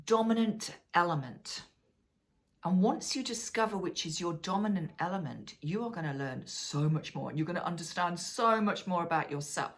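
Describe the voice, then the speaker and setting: A middle-aged woman, teaching a wellness lesson in a chatty, animated way and often checking in with listeners. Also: mid-range voice. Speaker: wellness coach. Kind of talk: casual teaching talk.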